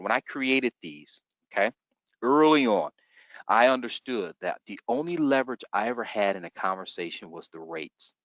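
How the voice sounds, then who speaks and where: A man's voice: medium pitch, no echo. A middle-aged man giving a sales training talk, telling stories and acting out customers in put-on voices. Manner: animated storytelling, acts out customers in voices. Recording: dull, muffled dry recording.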